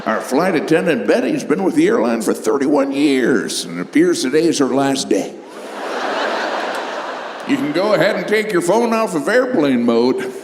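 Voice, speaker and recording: Man voicing a breezy male airline captain, chirpy intercom manner, lively pitch, roomy hall echo. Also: moderate pace, gravelly, noisy background. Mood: cheery. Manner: chirpy customer-service cheer about doom. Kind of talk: stand-up comedy. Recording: echoey stage mic in big hall.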